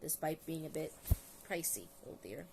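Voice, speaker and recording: A woman with a slightly low voice talks casually into a phone, tired and rambling. She restarts her sentences and reads out long lists of topics. A faint hiss of room noise sits under her voice. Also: animated, normal speed. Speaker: vlogger. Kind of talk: casual book review.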